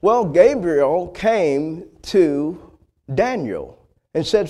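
A man's voice: sits high, animated, slow, a little mellow. A man preaching a sermon as a pastor. He retells the story dramatically and speaks straight to the congregation.

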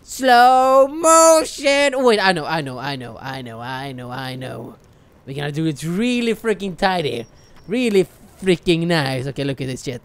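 A young adult gamer giving loud, excitable let's play commentary, swearing and yelling at the game. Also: mid-range voice, normal speed.

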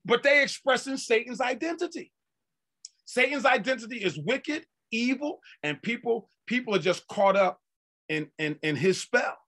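A man preaching a sermon with fervor, swinging from quiet stretches to loud bursts and repeating words for emphasis. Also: very high voice, lively intonation, moderate pace. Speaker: apostle preaching.

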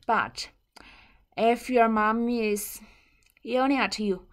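A woman's voice: fairly high pitch, slow. A woman whose first language is Mandarin Chinese, teaching a bilingual language lesson and patiently repeating and glossing each word.

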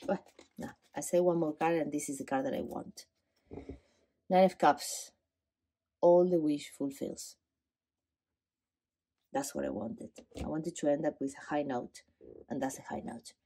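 Low husky woman doing a tarot reading. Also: mellow. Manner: effusive and emotional, non-native phrasing. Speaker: tarot card reader. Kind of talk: pick-a-card tarot reading.

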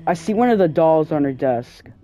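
A young man commentating his horror game play, swinging from low mutters to excited yelling, sometimes out of breath. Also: moderate pace, soft background music. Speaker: gameplay streamer.

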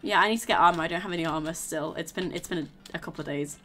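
A tired, low-energy woman streaming a game and chatting casually, rambling and repeating herself as she restarts sentences. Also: very fast, a bit bright, soft background music. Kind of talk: casual gaming stream chat.

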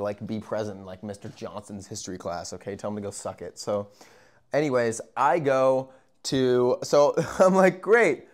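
A young man telling a story in a casual, profane, animated way, with sudden loud bursts and quiet asides. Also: on the low side. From Arizona. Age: young adult.

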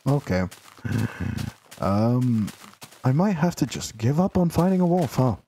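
A young man streaming a game from home, rambling in a playful, unhurried way. His voice is dark and mellow. A faint hiss sits under the recording. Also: medium pitch, sing-song. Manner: rambling, playful, talks to game characters in mock outrage. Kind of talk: casual live game stream. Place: home room, sitting in a noisy chair.

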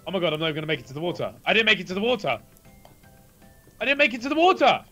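A young man gripes loudly about his bad luck, his voice bright and animated. He talks into a headset in casual gaming chat, quick to complain and quick to laugh. It is a slightly high voice for a man. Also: soft background music. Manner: frustrated, complaining, exclaims. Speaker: gamer.

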